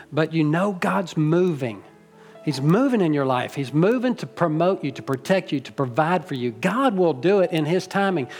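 A middle-aged pastor with a fairly high-pitched, darkish voice preaches in the church sanctuary. His sermon is folksy and meandering, full of teasing for the congregation and moments of emotion.

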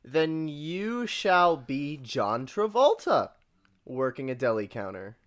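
Playful male comedy co-host, lively pitch. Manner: playful, quick to laugh. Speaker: podcast co-host. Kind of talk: casual comedy chat.

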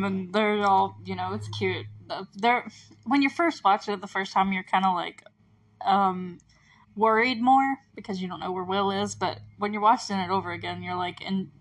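A woman's voice: medium pitch, a bit bright. A young woman hosting a podcast, chatting casually and giggling as she rewatches and comments on a show. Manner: chatty and giggly, many fillers. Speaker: podcast host.

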